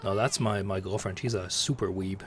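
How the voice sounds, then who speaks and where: A man's voice: sits low, fairly even intonation, normal speed, a little hiss or hum. A young man from the Netherlands, rambling casually while streaming a game. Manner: rambling, chatty, many fillers and restarts. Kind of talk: casual live-stream gaming chat. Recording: faint game ambience behind.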